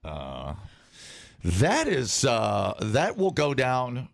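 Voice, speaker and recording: A man's voice: medium pitch, very slow, vocal fry, no echo, studio quality. A man co-hosting a radio morning show, joking and teasing his partner in casual banter. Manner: joking, teasing, deadpan fake stories.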